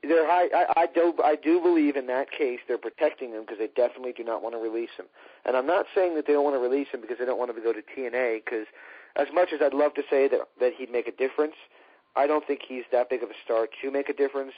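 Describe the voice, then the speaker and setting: A man's voice: medium pitch, fast, slightly rough, dry recording. A man co-hosting a casual wrestling talk show, speaking in an opinionated, sarcastic way. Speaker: podcast co-host. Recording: dull lo-fi dry recording.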